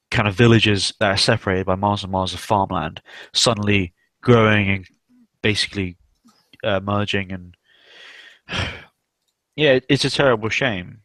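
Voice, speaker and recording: Low-voiced, rambling, sweary young man. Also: fairly bright tone, dry recording. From South West England. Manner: rambling and sweary, many fillers. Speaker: stream host. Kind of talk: casual livestream chat.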